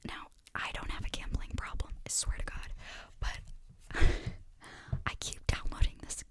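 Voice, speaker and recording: A young woman in whispered role-play, rambling in a self-deprecating way with many fillers as an ASMR host. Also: unhurried.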